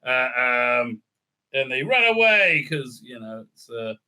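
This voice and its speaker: A man's voice: mid-range voice, big pitch swings, takes it slowly, sharp tone. A man ranting through a recap review, sarcastic and profane, full of stammering fillers. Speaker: show reviewer.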